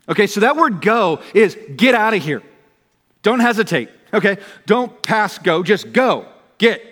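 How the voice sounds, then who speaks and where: A middle-aged man preaching a sermon as pastor, emphatic and repetitive, building to loud urgent exhortation. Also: high voice, big pitch swings, normal speed. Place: church sanctuary. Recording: long hall reverb.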